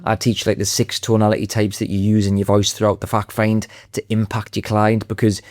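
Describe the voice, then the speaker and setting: A man's voice: fairly low pitch, completely flat delivery, brisk, darkish tone, no echo, studio quality. A man speaking as a podcast guest, confident and emphatic in easy conversation. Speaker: podcast guest, sales trainer. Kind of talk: podcast interview.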